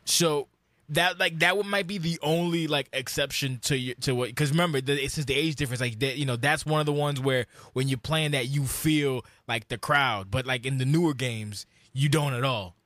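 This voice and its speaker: A man in his late thirties from New York, co-hosting a podcast in casual chat with animated storytelling. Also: medium pitch, normal speed, no echo, studio quality. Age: late 30s. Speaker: podcast co-host.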